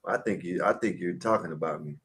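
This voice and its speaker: A man's voice: low-pitched, fairly quick, a bit bright, low-quality recording. A man on a live panel, talking bluntly and heatedly, full of rhetorical questions. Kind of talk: casual live panel chat.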